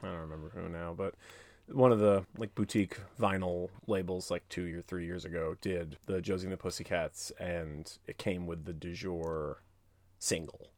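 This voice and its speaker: A man's voice: deep voice, steady tone, moderate pace, darkish tone, no room sound. A man co-hosting a podcast in casual chat, sarcastic and profane, ranting and joking. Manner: sarcastic, profane, rants with jokey put-on voices. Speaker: podcast co-host.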